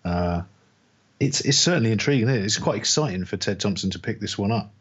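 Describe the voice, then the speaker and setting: Laid-back low-voiced podcast co-host man. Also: expressive, quick pace, husky. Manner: dry, laid-back banter. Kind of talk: casual chat. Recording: dull lo-fi sound.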